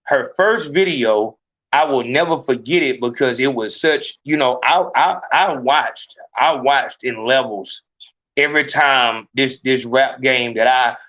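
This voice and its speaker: A man hosting a live podcast, ranting in a profane, emphatic, animated way. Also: mid-range voice, unhurried. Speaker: podcast host. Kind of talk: heated live podcast rant.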